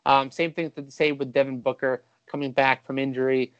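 A man hosting a fantasy basketball podcast, talking casually and quickly with a few restarts. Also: mid-range voice, flat delivery, fairly bright tone, dry recording, dull audio. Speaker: podcast host.

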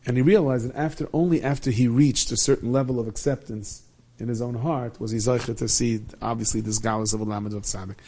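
A man telling a Hasidic tale in a lively way, dropping in many Yiddish and Hebrew words. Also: mid-range voice, brisk. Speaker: storyteller.

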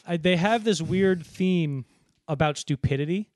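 A man co-hosting a film podcast in casual chat, rambling and acting out movie lines in quick put-on voices. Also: a little high, darkish tone, dry recording, clean studio sound. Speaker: podcast co-host.

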